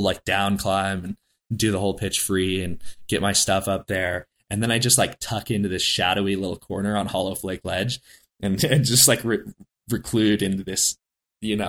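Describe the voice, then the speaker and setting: A man with a somewhat low voice tells a story as a guest on an interview show. His delivery is casual and rambling, full of fillers. He laughs now and then and briefly puts on voices for the people he quotes. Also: fairly bright tone.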